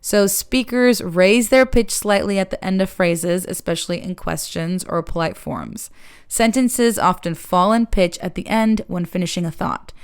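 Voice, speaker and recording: A woman giving a calm, measured lesson as an accent coach, explaining sounds step by step. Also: lowish voice, smooth.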